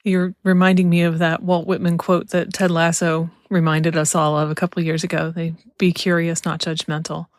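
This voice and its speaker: A woman's voice: fairly low pitch, flat delivery, moderate pace, few pauses, no echo, clean studio sound. A woman hosting a podcast, reflective and encouraging as she responds to her guest. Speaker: podcast host. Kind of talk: casual podcast conversation.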